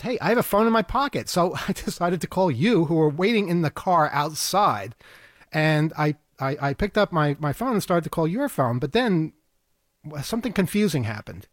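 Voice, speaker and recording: A man's voice: fairly high pitch, expressive, normal speed, no room sound, studio quality. A man co-hosting a radio talk show, telling a story in a rambling way, stumbling over repeated words and laughing often. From New York State. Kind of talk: casual chat.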